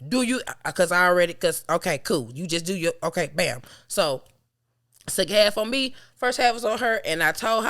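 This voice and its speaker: A woman co-hosting a podcast, telling stories in loud, profane, laughter-filled casual chat. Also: on the low side, expressive, normal speed. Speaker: podcast co-host.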